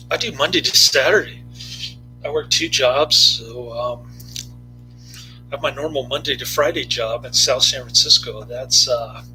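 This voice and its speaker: A man with a strikingly bright, edged voice chats loosely as a movie reviewer. He wanders between thoughts, pausing on fillers and restarting his sentences. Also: mid-range voice, rough recording. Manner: halting, many fillers and restarts. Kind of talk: casual rambling chat.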